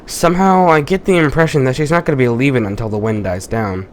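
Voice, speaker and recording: A man reading a visual novel aloud with commentary, haltingly, stumbling and restarting on words. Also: medium pitch, a little hiss or hum. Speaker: gaming YouTuber.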